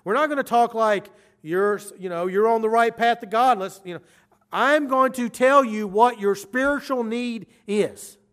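A man preaching a sermon, moving from quiet explanation to urgent, emphatic declarations. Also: extremely high pitch, unhurried, clear, resonant tone. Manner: emphatic, swings from quiet asides to urgent loud stresses.

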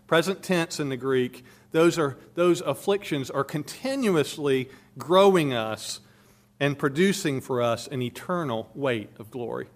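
A male preacher with a voice pitched a little above the usual for men. He preaches with emphatic stress, swelling louder on key points and dropping low on others. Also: expressive, measured pace. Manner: emphatic, rising and falling in volume for stress. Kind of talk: sermon.

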